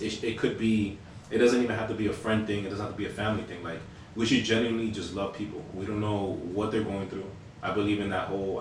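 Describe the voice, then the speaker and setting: Guy in his 30s rattling off stories quick, lots of "like", echoey room, mic kinda far. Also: sits low. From Hispanic household. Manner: animated, swears casually, many fillers. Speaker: podcast co-host. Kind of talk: casual storytelling chat. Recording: echoey room, mic at a distance, faint hiss.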